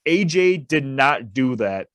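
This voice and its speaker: A man's voice: medium pitch, very animated, slow pace, a bit bright, smooth, no room sound. Opinionated man talking boxing, dry close mic. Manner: opinionated, emphatic, repeats points. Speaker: podcast co-host. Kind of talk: casual boxing talk.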